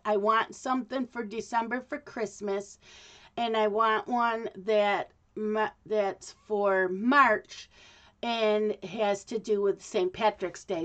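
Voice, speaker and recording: A woman vlogging in a casual, rambling way, with frequent ums and restarts. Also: mid-range voice. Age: adult. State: hiccups. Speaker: craft vlogger. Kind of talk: casual chat to camera.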